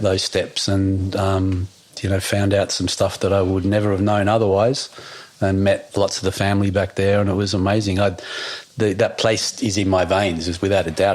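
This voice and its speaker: A man's voice: deep voice, breathy edge. A man, a podcast guest chatting casually and rambling with fillers and restarts. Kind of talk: casual outdoor conversation.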